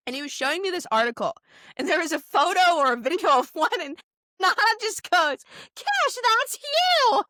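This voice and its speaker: A young woman co-hosting a podcast, telling family stories in an animated way and laughing often. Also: sits high, no echo, studio quality. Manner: animated storytelling, quick to laugh. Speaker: podcast co-host. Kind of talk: casual chat.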